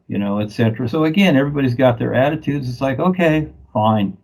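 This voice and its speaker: A man's voice: mid-range voice, expressive, fast talker, vocal fry, a little mellow, low-quality recording. A man chatting casually, rambling from one thought to the next with an easy chuckle. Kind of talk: casual chat.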